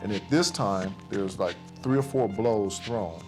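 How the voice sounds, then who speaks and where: A man with a fairly low voice tells a story in a loose, conversational way. He slips into the present tense and acts out what others said. A clear music bed plays under his words. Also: a little slow. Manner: recounts events in present tense, voicing others' lines. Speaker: interviewee recounting events. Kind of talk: casual storytelling.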